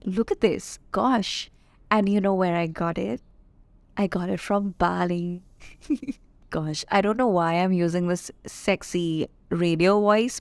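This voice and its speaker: A woman's voice: on the low side, no room sound. A woman in her twenties from India, hosting a solo podcast and chatting in a confiding, playful way with asides to her listeners. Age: 20s. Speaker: podcast host. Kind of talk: casual solo podcast chat.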